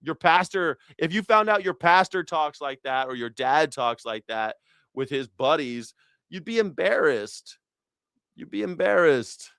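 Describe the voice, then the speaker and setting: A man hosting a live news reaction show, talking in an animated, profane, rambling way with many restarts. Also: fairly high pitch, measured pace, clean tone, dry recording. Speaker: host.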